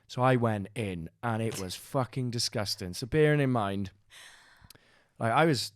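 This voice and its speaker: A man's voice: medium pitch, a little slow, no echo, studio quality. A Welsh man hosting a podcast, telling a rambling, sweary, self-mocking story in casual chat. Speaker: podcast host.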